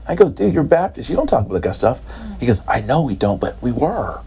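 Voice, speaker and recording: A man preaching through a personal story, acting out both sides of the dialogue and filling gaps with "da, da, da". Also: a little fast. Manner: animated storyteller, acts out dialogue with big pitch jumps, fills with "da, da, da". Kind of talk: storytelling sermon.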